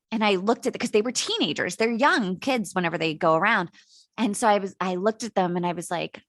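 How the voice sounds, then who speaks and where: Woman in her late thirties, from the US, podcast co-host, lively swooping pitch, dry close mic. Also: a little fast, dry recording. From United States. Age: late 30s. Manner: animated, laughing, profane storyteller. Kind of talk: casual storytelling chat.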